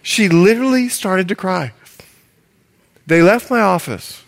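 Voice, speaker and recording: A male pastor delivers a sermon with dramatic, animated storytelling. His voice sits high and swings widely in pitch. He emphasizes points with energy. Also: a little slow, creaky.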